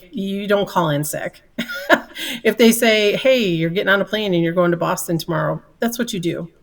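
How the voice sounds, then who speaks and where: Middle-aged woman guest, earnest storyteller, lowish voice, slightly distant mic. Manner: earnest, candid, laughs easily. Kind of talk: storytelling in a podcast interview.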